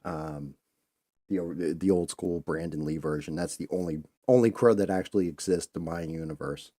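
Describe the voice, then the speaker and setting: Deep-voiced man telling rambling stories. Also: moderate pace, mellow. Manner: rambling, loose, conversational. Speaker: host. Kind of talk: casual live-stream storytelling.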